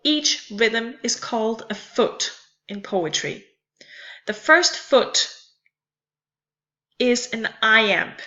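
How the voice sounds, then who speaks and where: A woman's voice: a little high, sharp tone, dull audio. A woman teaching a lesson in a careful, explanatory way, repeating and spelling out terms. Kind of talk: slow explanatory lecture.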